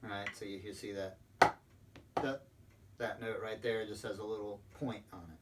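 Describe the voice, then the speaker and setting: A man's voice: on the low side, little pitch movement, moderate pace. A man explaining drum rudiments step by step as a percussion instructor, patient and sprinkling in ums. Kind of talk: recorded instructional lesson. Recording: distant mic with faint background noise.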